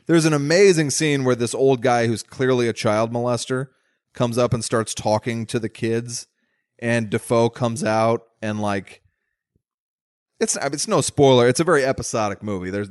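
A man's voice: medium pitch, brisk, no room sound, clean studio sound. A man co-hosting a podcast in casual chat, talking films and acting out scenes he describes. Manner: relaxed film talk, acts out scenes he describes. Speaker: podcast co-host.

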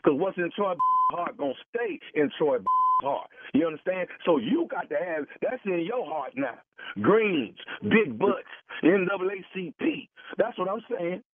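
Pushy prank caller on a tinny phone. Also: male voice, sits high, sing-song, a little slow, dry recording. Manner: pushy, repeats himself, stammering restarts. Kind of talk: prank phone call posing as a grieving brother. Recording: tinny phone line, dry.

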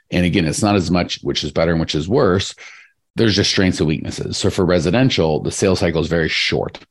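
A man hosting a podcast in casual chat, energetic and rambling, talking straight to his listeners. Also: sits low. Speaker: podcast host.

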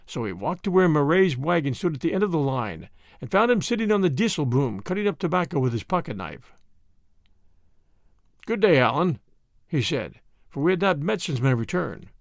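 A man narrating a story in an expressive audiobook style. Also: a little high, a little fast, vocal fry, no echo, studio quality.

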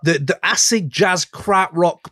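A man hosting a casual podcast chat, excitable, sweary and enthusiastic. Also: sits high, a little slow, no echo, studio quality. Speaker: podcast host.

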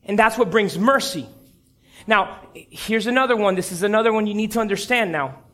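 A man preaching a sermon, telling a story with animated, acted-out quotes. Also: high-pitched, moderate pace.

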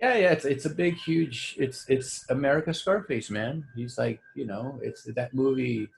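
A man's voice: medium pitch, normal speed, gravelly, a little hiss or hum. A man in casual podcast chat, talking animatedly with plenty of swearing. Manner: animated, swearing, slips into acted quotes.

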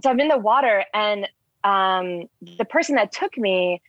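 A woman's voice: mid-range voice, measured pace, no echo. Chatty woman telling a story, dull dry sound. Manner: rambling with many "like" fillers, animated retelling. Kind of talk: casual storytelling.

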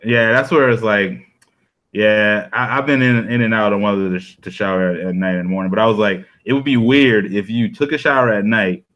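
A young man talks in a loose, rambling way, full of slang and jokes at his own expense. His voice sits a little low, and the chat stays casual and unhurried. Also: a bit bright. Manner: rambling, self-deprecating, slangy.

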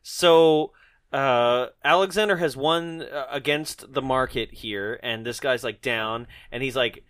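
A man co-hosting a casual movie discussion, animated and laughing often as he recounts scenes. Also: mid-range voice, a little slow, smooth, dry recording. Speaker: podcast co-host.

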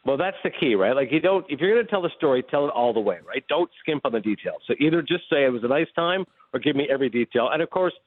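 A man's voice: medium pitch, no echo. A man telling a long anecdote as a radio guest, acting out the lines of everyone in the story. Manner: animated, fast anecdote telling with acted-out dialogue. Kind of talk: casual storytelling chat. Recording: dry phone-line sound.

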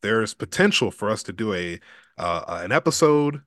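A man's voice: fairly low pitch, very animated, moderate pace, fairly bright tone, no echo. A man filling in as host of a sports podcast, chatting casually and talkatively with frequent restarts, on a studio podcast mic. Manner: talkative, with many restarts and laughs.

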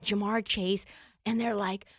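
A woman co-hosting a casual sports chat show, animated and acting out players in exaggerated voices as she tells the story. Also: medium pitch, measured pace, gravelly, no echo, studio quality. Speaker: co-host.

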